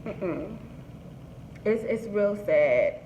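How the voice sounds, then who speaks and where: A woman's voice: medium pitch, expressive, drawn-out words, slight background noise. A woman vlogger giving blunt, outspoken commentary, swearing freely. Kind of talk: casual commentary. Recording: echoey room, dull lo-fi sound.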